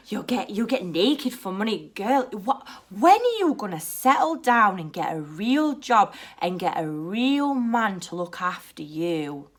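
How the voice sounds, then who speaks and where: A woman's voice: mid-range voice, sing-song, very slow, hardly any pauses, pushed and bright, exaggerated voice. A woman mimicking a patronising club customer. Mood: mocking. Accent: British.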